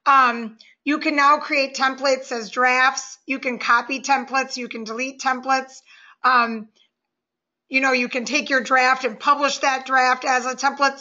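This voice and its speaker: A woman presenting a software webinar walkthrough, friendly and explaining step by step. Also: high-pitched, lo-fi sound.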